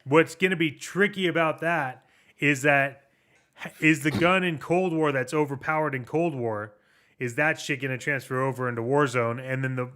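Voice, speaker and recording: A man co-hosting a gaming podcast with a bright, crisp voice. He rambles loosely, circles back to restart sentences and drops casual swear words. His talk is relaxed and chatty. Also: mid-range voice. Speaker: podcast co-host. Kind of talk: casual chat about video games.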